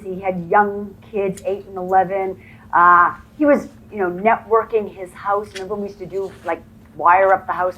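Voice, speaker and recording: A woman's voice: medium pitch, poor audio. A woman training real estate agents, telling stories and acting out the dialogue in a motivational presentation. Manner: storytelling, acts out quoted dialogue. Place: conference room before a live audience.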